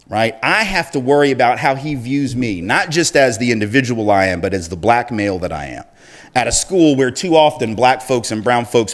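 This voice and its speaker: A middle-aged man giving a speech, telling a personal story in an easy, conversational way. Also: mid-range voice. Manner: conversational storyteller, acts out quoted voices. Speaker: speaker.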